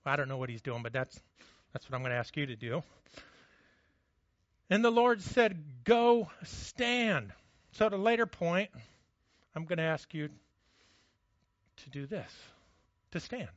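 A man preaching with a fairly high voice, telling a scripture story with lively energy. He drops to a hush for the quiet moments. The sound is dry and a little dull. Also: a little slow, long pauses, dry recording. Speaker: pastor. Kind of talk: sermon.

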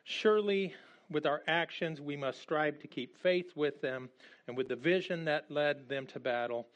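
A man preaching a sermon in a conversational, halting way, with frequent restarts and lively quoting. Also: fairly high pitch. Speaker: pastor.

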